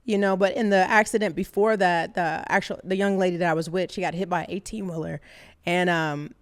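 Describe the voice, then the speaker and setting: A woman's voice: lowish voice, fairly even intonation, a little fast. A woman radio host, a guest on a podcast, telling her faith story in a candid, chatty way and laughing at herself. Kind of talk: casual conversational storytelling.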